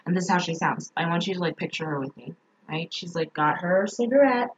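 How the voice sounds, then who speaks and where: A woman's voice: fairly low pitch, fast talker, dull audio, a little hiss or hum. A woman mindset coach giving a motivational talk, repeating emphatic affirmations.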